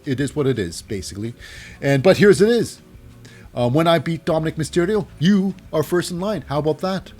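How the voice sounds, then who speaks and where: A man voicing a smooth-talking, self-assured wrestler. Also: on the high side, expressive, brisk, a little mellow, faint music behind. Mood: persuasive.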